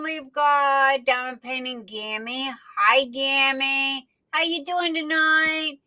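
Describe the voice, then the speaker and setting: A woman hosting a casual livestream, greeting viewers by name in a chatty way with lots of drawn-out fillers. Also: high-pitched, fairly even intonation, bright, forceful tone, dry recording, poor audio. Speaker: livestream host. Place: home streaming setup.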